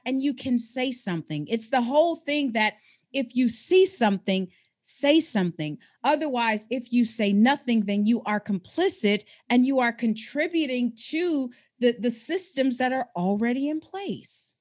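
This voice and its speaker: A woman co-hosting a podcast, telling a personal story in an animated, conversational way. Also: a little high, normal speed. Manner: animated, acts out quoted people in her stories. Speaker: podcast co-host.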